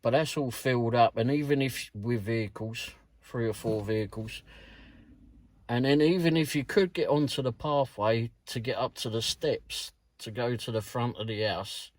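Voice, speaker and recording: A middle-aged man with a British accent tells a meandering story about his delivery shift, peppered with curses and little chuckles. His voice sits at an ordinary middle pitch. The sound is dry and close, with no room behind it. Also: moderate pace, no room sound. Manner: rambling, swears freely, chuckles. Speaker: delivery driver vlogger. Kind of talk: casual storytelling vlog.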